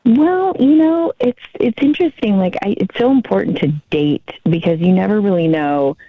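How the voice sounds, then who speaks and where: Middle-aged actress guest, effusive and chatty, dry slightly dull call audio. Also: female voice, medium pitch, lively intonation, moderate pace, dry recording. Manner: chatty and effusive, laughs often. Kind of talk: casual interview chat.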